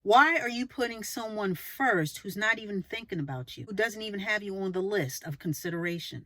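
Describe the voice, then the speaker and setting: A woman lectures on relationships in a casual to-camera monologue, her voice pushed, bright and brisk with lively intonation and few pauses. She leans on rhetorical questions, preaches emphatically, and dramatizes quoted lines with exaggerated pitch jumps, all in a dry recording.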